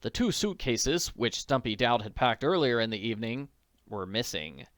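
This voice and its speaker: A man narrating an audiobook in a measured, steady reading voice. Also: medium pitch, no room sound, clean studio sound.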